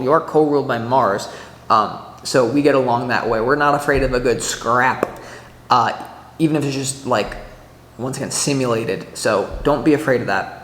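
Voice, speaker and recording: Chatty male tarot reader, echoey room. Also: mid-range voice. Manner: chatty and animated, full of "like" and restarts, acts out little scenes. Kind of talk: casual weekly tarot reading to camera. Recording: echoey room with long reverb.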